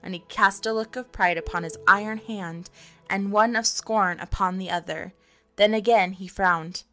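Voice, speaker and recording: A woman narrating a storybook in an expressive, measured reading. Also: mid-range voice, faint music behind.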